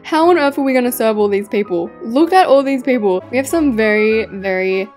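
Excitable high-voiced woman gaming host. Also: brisk, faint music behind. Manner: excitable, frequent laughter and exclamations. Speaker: game channel host. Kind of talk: casual gameplay commentary.

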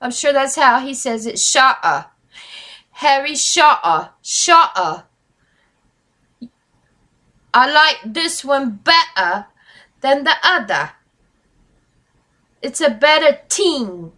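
An excitable woman reacts to a track, repeating lines back with loud amusement. Her voice sits high and bright, leaping around in pitch while she talks at an unhurried pace. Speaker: reaction video host. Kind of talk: casual reaction commentary.

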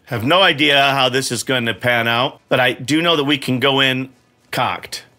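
A man's voice: mid-range voice, moderate pace, sharp tone. A middle-aged man playing a video game, swearing often and rambling in broken restarts as he grows frustrated. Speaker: gamer playing while his son coaches. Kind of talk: frustrated live gameplay commentary.

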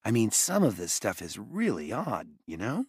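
A man's voice: lowish voice, wildly swooping pitch, normal speed, slightly rough, no echo, studio quality, full character voice. A man voicing a hesitant, skeptical young boy in an audiobook. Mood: doubtful. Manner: hesitant and doubtful.

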